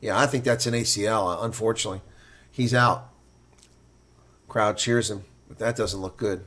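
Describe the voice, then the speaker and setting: A man giving live reaction play-by-play commentary, excitable and blunt, his voice climbing sharply during big plays. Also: fairly low pitch, normal speed. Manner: blunt and opinionated.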